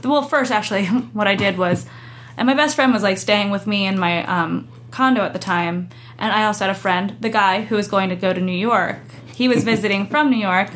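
Chatty woman telling a lively story. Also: mid-range voice, fairly quick, slight background noise. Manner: animated storyteller, acts out quotes. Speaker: guest. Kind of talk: casual interview chat.

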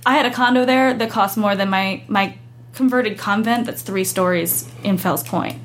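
A young adult woman chatting as an interview guest, animated, acting out quoted voices as she tells her story. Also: mid-range voice, moderate pace, slight background noise. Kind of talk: casual interview chat.

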